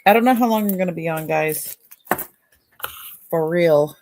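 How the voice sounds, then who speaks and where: A woman's voice: lowish voice, a little slow, darkish tone, slight background noise. A woman with a Boston accent chatting casually on a live stream, musing aloud as she examines jewelry for sale. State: sore neck.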